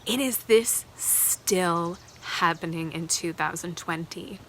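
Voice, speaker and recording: A woman's voice: on the low side, takes it slowly, a bit bright, a little hiss or hum. A woman hosting a live tarot card reading, speaking earnestly and emotionally, thinking aloud with fillers.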